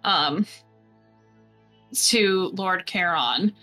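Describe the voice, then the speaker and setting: A woman's voice: on the low side, lively intonation, very slow, pushed and bright, soft background music. A woman running a tabletop game as game master, narrating in a chatty way with many fillers.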